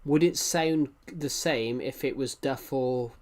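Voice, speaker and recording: A man's voice: mid-range voice, takes it slowly. Rambling young man on a live stream. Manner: rambling, self-correcting, chatty with viewers. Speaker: livestreamer. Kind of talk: casual live-stream chat.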